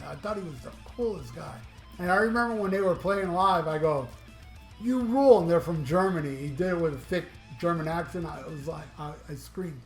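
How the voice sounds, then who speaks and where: A middle-aged man from Florida, a music vlogger chatting casually about his albums, rambling and enthusiastic, swearing freely. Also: on the high side. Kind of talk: casual chat. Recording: echoey room with music playing.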